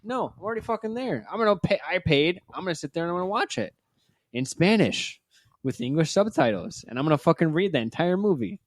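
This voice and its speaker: A man's voice: fairly high pitch, lively intonation, a little fast, dry recording. A man co-hosting a podcast, telling rambling, profane stories in casual chat. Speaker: podcast co-host.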